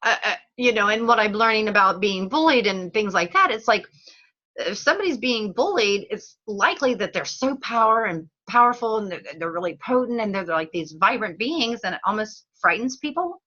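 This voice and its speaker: A woman hosting a casual teleseries chat, bubbly and quick to laugh, who acts out little voices as she talks. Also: mid-range voice, lively intonation, sharp tone, lo-fi sound. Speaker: host. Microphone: phone or call line.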